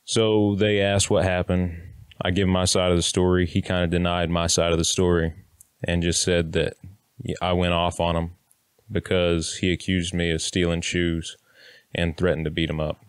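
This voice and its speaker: Deep-voiced blunt man telling a story. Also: level tone, moderate pace, smooth, dry recording, studio quality. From Kansas, United States. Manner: blunt, plainspoken, occasional swearing, acts out quotes. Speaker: vlogger telling his prison story. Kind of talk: casual storytelling to camera.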